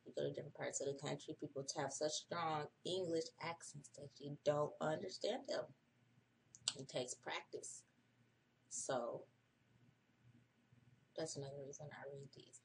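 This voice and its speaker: A woman's voice: sits low, gravelly, a little hiss or hum. A woman hosting a casual early-morning livestream, profane and chatty, reading an article aloud and breaking off for her own asides. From United States. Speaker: livestream host.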